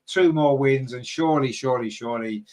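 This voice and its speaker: A man hosts a fan podcast, rambling casually as he reads out viewer comments, with plenty of fillers and sudden excited jumps in pitch. He talks fairly quickly.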